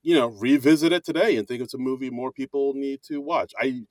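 A man co-hosting a casual movie review podcast, who talks haltingly with frequent restarts. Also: mid-range voice, fairly even intonation, a little mellow, no room sound. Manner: halting, stammering, restarts often. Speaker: podcast co-host.

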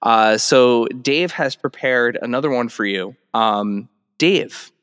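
A man's voice: medium pitch, takes it slowly, a bit bright, clear, resonant tone, no room sound, studio quality. A man hosting a podcast, easygoing in casual chat and laughing along with his guest. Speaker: podcast host.

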